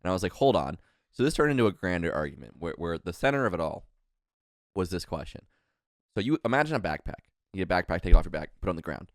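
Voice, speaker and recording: A man's voice: sits low, big pitch swings, fast talker, dry recording, clean studio sound. A young man telling a long story on a casual podcast, rambling and restarting often. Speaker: podcast co-host.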